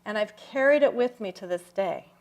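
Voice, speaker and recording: An older woman giving a personal talk at a church service, telling stories reflectively with slow, emphatic pauses. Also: medium pitch, animated, darkish tone, dull audio. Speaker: guest speaker. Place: church sanctuary.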